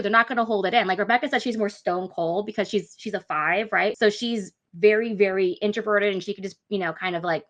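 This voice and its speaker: Bright-voiced woman reacting to clips. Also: medium pitch. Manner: laughs often, pointing out faces. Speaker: reaction video host. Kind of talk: casual commentary over clips.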